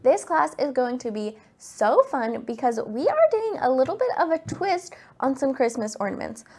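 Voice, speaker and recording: Upbeat high-voiced woman teaching a craft class. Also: sing-song, moderate pace, a little mellow. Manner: upbeat, enthusiastic. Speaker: craft instructor. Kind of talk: class tutorial.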